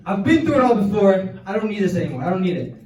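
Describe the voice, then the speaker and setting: High-voiced comic, roomy club. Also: male voice, sing-song, very fast, a little mellow. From Canada. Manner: rambling, crude, filler-heavy storytelling. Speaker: stand-up comedian. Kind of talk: stand-up comedy set. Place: comedy club stage. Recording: roomy club sound from far off. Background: audience laughter.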